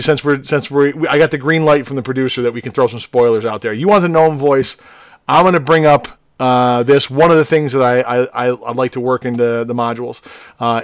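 A man's voice: medium pitch, dry recording, studio quality. A man co-hosting a casual podcast, rambling with lots of restarts and fillers. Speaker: podcast co-host, module writer. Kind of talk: casual chat.

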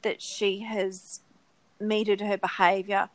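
A woman co-hosting a relaxed podcast, with a mid-pitched voice and an easygoing, agreeable manner. She comes through a remote call mic in a dry, close recording. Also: slow pace, no room sound, poor audio. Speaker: podcast co-host. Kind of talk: casual chat about a reality show.

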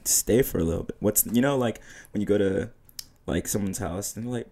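Male podcast co-host, very low voice, relaxed slangy chat with frequent laughs. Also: normal speed. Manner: laid-back, laughing, slangy. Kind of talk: casual chat.

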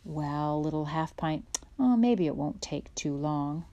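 A woman voicing a kindly, patient pioneer father who talks in a steady, reassuring way. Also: sits low, takes it slowly, muffled recording. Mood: explaining.

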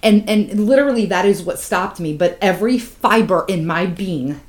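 A woman co-hosting a podcast, telling a painful personal story with raw emotion and plenty of swearing. Her voice drops low and hushed, then climbs loud and heated. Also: animated, moderate pace. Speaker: podcast co-host. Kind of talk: candid podcast chat.

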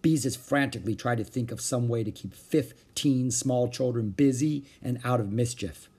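A man reading a children's book aloud in an expressive storytelling manner. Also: mid-range voice, moderate pace, slightly rough.

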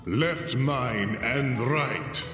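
A man voicing a male tribal leader who shouts drawn-out announcements to a crowd. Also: medium pitch, sing-song, roomy sound, in a large hall, far from the mic, faint music behind, voice pushed up. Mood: proclaiming. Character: male tribal leader presiding over a fight.

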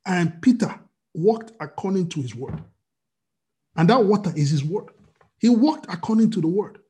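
Animated pastor preaching. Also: male voice, high-pitched, normal speed. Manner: animated preaching with rhetorical questions. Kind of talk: sermon.

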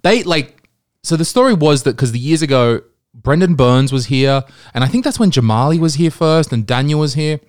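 A man's voice: a little high, expressive, moderate pace, no room sound, studio quality. A man, a comedian hosting a casual chat full of crude, joking banter. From Australia. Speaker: podcast host, comedian.

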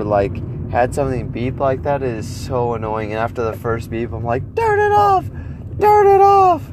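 A man's voice: on the high side, background noise. A young man vlogging outdoors, telling his viewers a story, acting out his own reactions and rambling with restarts.

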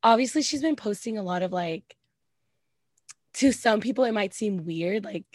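A woman co-hosting a casual celebrity gossip chat, animated and full of "like", acting out quoted reactions. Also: mid-range voice, moderate pace, no room sound, studio quality. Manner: animated, says "like" a lot, acts out quoted reactions. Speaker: podcast co-host.

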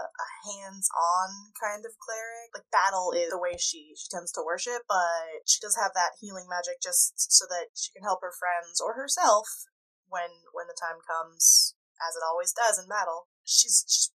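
A woman's voice: mid-range voice, normal speed, pushed and bright, low-quality recording. A woman tabletop player chatting casually and thinking aloud about her character. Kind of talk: casual chat.

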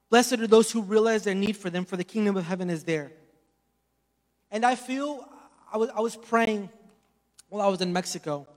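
A man preaching a sermon, telling stories and swinging between loud emphasis and hushed asides. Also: high voice. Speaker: pastor. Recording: long hall reverb.

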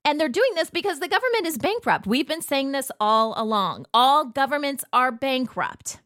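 Chatty us woman doing her own show, kinda high voice, dry close sound. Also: expressive, moderate pace, a bit bright, dry recording. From United States. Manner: chatty, emphatic, frequent asides and fillers. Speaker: host. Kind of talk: casual monologue commentary.

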